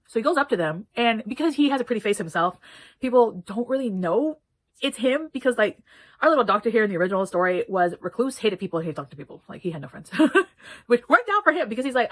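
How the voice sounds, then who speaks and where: A woman's voice: on the high side, very animated, fast talker, fairly bright tone, low-quality recording. A woman giving a casual book review, rambling and swearing freely as she chats. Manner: rambling, profane, chatty.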